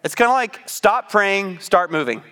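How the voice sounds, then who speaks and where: Animated, high-voiced male preacher. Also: moderate pace, clean tone. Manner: animated, conversational Bible teaching. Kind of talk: sermon.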